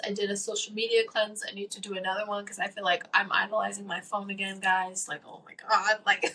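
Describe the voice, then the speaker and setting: A woman's voice: mid-range voice, a bit bright, distant mic, rough recording. A young woman in her late teens hosting a faith-based advice podcast, earnest and emphatic, repeating her key points. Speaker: podcast host.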